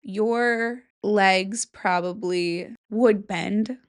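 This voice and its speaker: A young woman hosting her own podcast, talking alone in a loose, chatty way. She swears often and reacts out loud to what she reads, with her pitch sitting at an ordinary middle height. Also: extremely slow. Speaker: podcast host. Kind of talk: casual solo podcast chat.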